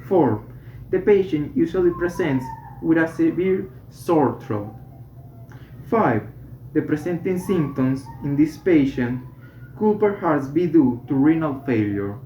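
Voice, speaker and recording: A student slowly reading a medical English textbook aloud, correcting small slips along the way. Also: mid-range voice, expressive, dark tone, slight background noise. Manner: slow, careful reading with self-corrections. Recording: roomy, slightly dull home recording.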